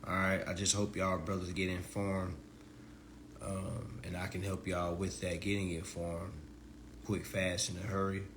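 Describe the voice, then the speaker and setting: A man, hosting a consumer law talk stream in a preachy, excitable style that swings between hushed asides and loud outbursts. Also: deep voice, measured pace, noisy background. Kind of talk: animated live-stream lecture.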